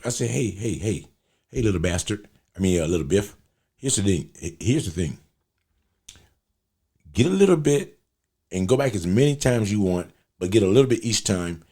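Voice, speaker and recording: A man's voice: on the low side, darkish tone. A man hosting a podcast, telling a rambling anecdote in a blunt, profane, casual way. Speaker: podcast host. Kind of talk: casual storytelling monologue.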